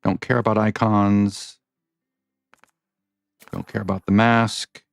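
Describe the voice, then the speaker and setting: A man's voice: lowish voice, flat delivery, takes it slowly, creaky, no echo. A man giving casual, rambling commentary over his game, often stopping to correct himself. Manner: rambling, self-correcting, chatty. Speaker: gaming vlogger.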